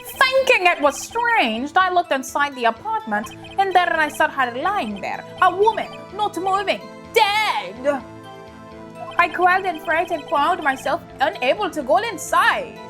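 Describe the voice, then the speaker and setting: A woman doing a jittery high-voiced salesman witness. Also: a little slow, a bit bright, faint music behind. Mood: flustered. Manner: nervous, stammering, keeps changing accents. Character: sweaty odd male newspaper salesman witness.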